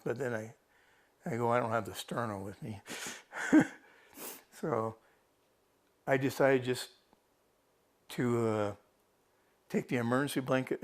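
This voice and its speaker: A man who was rescued after getting lost on a hike tells the story to a TV reporter in a rambling, casual way. He often restarts his sentences and quotes his own thoughts. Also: mid-range voice. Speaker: rescued hiker interviewed by a TV reporter. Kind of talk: casual first-person account.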